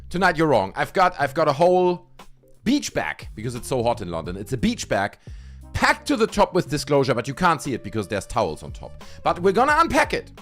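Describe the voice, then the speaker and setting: Animated German-accented man hosting a stream. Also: on the high side, brisk, faint music behind. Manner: animated, theatrical showman, playful. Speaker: livestream host. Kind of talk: hyped live-stream chat.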